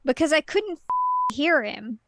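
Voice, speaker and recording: Giggly, animated woman with a dry close sound. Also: high-pitched, a little slow, no room sound. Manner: giggly, animated, acts out her own reactions. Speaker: podcast guest. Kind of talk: casual podcast chat.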